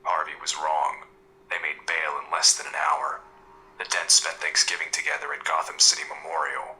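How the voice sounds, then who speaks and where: A man voicing a brooding masked vigilante who narrates in low, hushed, terse lines in an audio drama. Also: little pitch movement, moderate pace, slight background noise, heavily acted, low-quality recording. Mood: grim.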